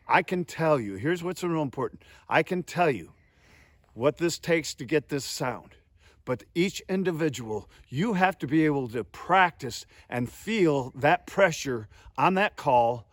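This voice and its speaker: A man's voice: medium pitch, no room sound. A man teaching a hands-on goose calling lesson outdoors, folksy and emphatic, calling his viewers "guys".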